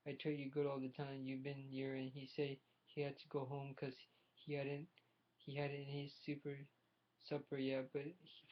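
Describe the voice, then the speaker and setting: A man reading a novel chapter aloud as an audiobook, halting and restarting words as he goes. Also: mid-range voice, muffled recording. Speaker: audiobook reader.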